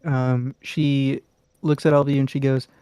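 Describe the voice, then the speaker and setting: A man's voice: medium pitch, little pitch movement, moderate pace, dark tone, smooth, dry recording. A man narrating a tabletop game as game master, in a loose, rambling way with lots of fillers.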